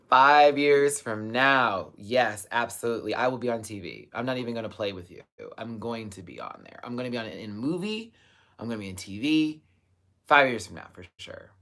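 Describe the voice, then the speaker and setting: A young man hosting a live stream, reading viewer comments and chatting casually, with sudden high exclamations and bursts of laughter. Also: sing-song, normal speed, sharp tone.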